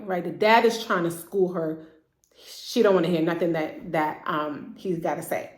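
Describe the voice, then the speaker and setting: A woman therapist giving a casual, chatty recap of a TV drama, slipping into quick impressions of the characters. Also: lowish voice, echoey room. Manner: chatty, acts out characters' lines in quick asides.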